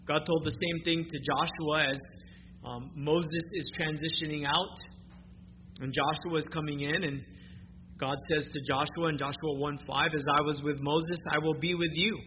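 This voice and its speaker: A man preaching a sermon as a pastor, emphatic and rising on key phrases. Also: high-pitched. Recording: muffled recording with clear background noise.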